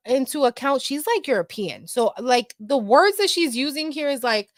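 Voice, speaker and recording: A woman's voice: sits high, expressive, normal speed, dry recording, clean studio sound. A woman hosting casual commentary, talking bluntly and chattily with plenty of swearing. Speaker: commentary host. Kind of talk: casual commentary reading allegations.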